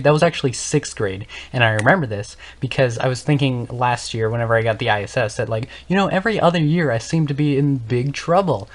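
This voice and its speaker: Rambling teenage boy telling a story. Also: medium pitch. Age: young teens. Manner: rambling, self-correcting, laughs often. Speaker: gaming channel host. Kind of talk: casual storytelling monologue.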